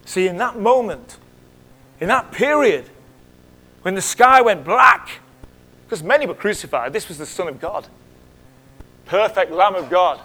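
A middle-aged man with a high voice preaches a sermon in church. He talks in a conversational way and puts questions to the congregation. He drops to hushed whispers and then rises to loud, sharp exclamations. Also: animated, a little slow, pauses often. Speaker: pastor.

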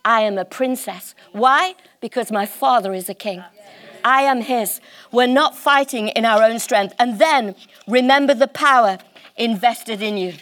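Woman preacher, high voice, fervent and emphatic sermon delivery. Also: fairly bright tone. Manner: impassioned, emphatic, slows on key words.

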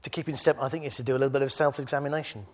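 A male preacher giving a sermon to a church gathering, moving between quiet reflection and loud exhortation. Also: mid-range voice, fairly even intonation, very fast.

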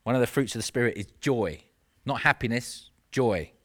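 A man's voice: medium pitch, animated, moderate pace, a bit bright. A man preaching a sermon in an earnest, conversational way, with self-mocking asides.

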